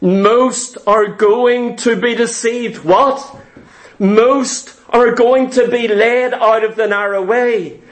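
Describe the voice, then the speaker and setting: A man preaching a sermon, emphatic and deliberate, repeating phrases for stress. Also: extremely high pitch, steady tone, poor audio. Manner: slow, deliberate delivery.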